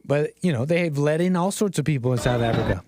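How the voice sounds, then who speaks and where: A man's voice: fairly high pitch, animated, fairly quick, noisy background. A man streaming casual commentary over video clips, rambling and sarcastic, with frequent restarts.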